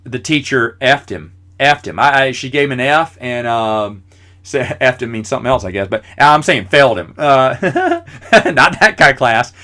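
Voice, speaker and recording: A man's voice: medium pitch, moderate pace, bright, forceful tone. A man in his forties hosting a podcast, telling rambling, self-deprecating stories with lots of fillers. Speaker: podcast host. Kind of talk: casual storytelling.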